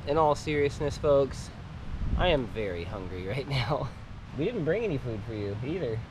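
A man's voice: mid-range voice, sing-song, moderate pace, noisy background. A man hosting a camping vlog, talking casually and playfully, cooing at a baby goat in a tent at an island campsite. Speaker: vlog host.

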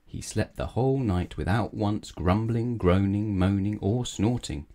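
A man unhurriedly narrates a children's bedtime story, his tone gentle and measured. The voice is low and mellow throughout.

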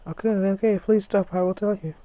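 Scared male hostage in a game, voiced by a man, high and loud, panicky pleading. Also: fairly even intonation, a little fast, dry recording, lightly acted. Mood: panicked. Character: frightened male captive begging for his life.

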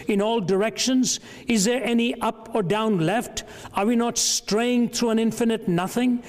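A man reading as a frantic madman, booming through a hall. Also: natural voice. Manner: declaiming, rising urgent questions. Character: frantic male madman crying out in grief. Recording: long reverb of a large hall.

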